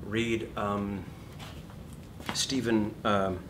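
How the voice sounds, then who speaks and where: A middle-aged man teaching an acting class in a lively, profane manner, acting out shouted examples. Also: drawn-out words. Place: classroom or studio. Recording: distant room recording with background rumble.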